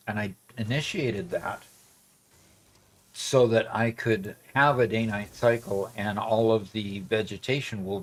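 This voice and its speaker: A man chatting casually on a gameplay livestream, rambling with fillers as he plays. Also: fairly low pitch. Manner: rambling, many fillers and restarts. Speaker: streamer.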